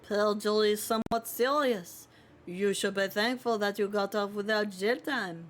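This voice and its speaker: A woman's voice: mid-range voice, normal speed, lightly acted. A proper, earnest male lawyer, read by a woman streaming a game, speaking politely and formally in a mid-range voice. Faint game music sits underneath. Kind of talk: reading a game aloud on stream.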